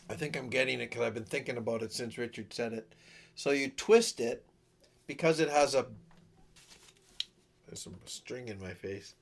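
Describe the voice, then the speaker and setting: A man hosting a casual live stream, rambling and self-deprecating, often losing his train of thought. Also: medium pitch. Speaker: livestream host and singer-songwriter.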